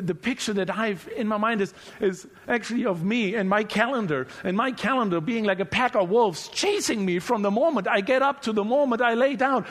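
A male preacher delivering a relaxed, humorous sermon who often repeats words as he speaks off the cuff. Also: high voice. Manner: conversational and humorous, repeats words while searching.

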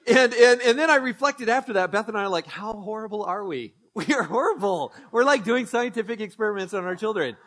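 High-voiced joking male pastor. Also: fairly quick, hardly any pauses. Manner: conversational, joking, animated storytelling. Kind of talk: sermon.

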